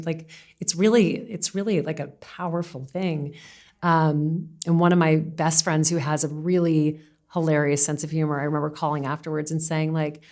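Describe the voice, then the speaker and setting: A woman's voice: low voice, fairly even intonation, moderate pace, a little mellow. A woman, a podcast guest reflecting earnestly in casual conversation and laughing often.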